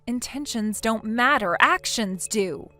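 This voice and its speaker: A woman's voice: fairly high pitch, lively intonation, takes it slowly, bright, forceful tone, exaggerated voice. A woman voicing a blunt female friend who lectures with sarcasm in a scripted story over faint music. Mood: scolding. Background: faint background music.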